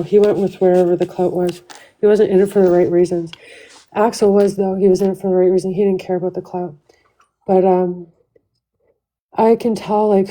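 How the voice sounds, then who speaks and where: On a rough recording, a woman's lowish, mellow voice comes through as she rants on her livestream. Talking directly into her phone, the host vents with anger and heavy profanity, her sentences breaking off and starting over fast.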